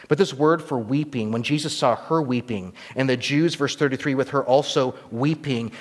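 Male preacher, middle-pitched, teaching sermon with emphatic swells and soft asides; hall reverb. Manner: teaching, rising to emphatic peaks and dropping to quiet asides. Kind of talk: expository sermon.

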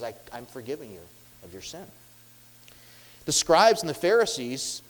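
A man preaching a sermon as a pastor, earnest and questioning, who drops his voice softly when quoting. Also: fairly high pitch. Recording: long hall reverb.

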